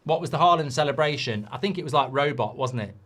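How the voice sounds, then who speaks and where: A middle-aged man hosting a live football watchalong, reacting to the match and swearing loudly at poor defending. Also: medium pitch, animated, fast. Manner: swears and rants at bad defending.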